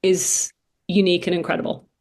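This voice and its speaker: A woman's voice: fairly low pitch, monotone, a little fast, darkish tone. A woman, a voice coach speaking as a podcast guest, earnest and emphatic, often repeating phrases. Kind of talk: interview conversation.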